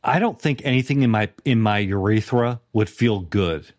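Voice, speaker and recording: A man's voice: lowish voice, moderate pace, a little mellow. A man co-hosting a podcast in casual chat, making dry, wry remarks. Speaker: podcast co-host.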